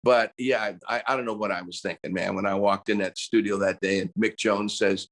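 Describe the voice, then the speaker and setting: An American man in his seventies, a musician talking casually in an interview, animated and breaking into bursts of singing and screaming. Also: on the low side, a little fast. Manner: animated storyteller, bursts into sung screams and imitated voices. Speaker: musician guest.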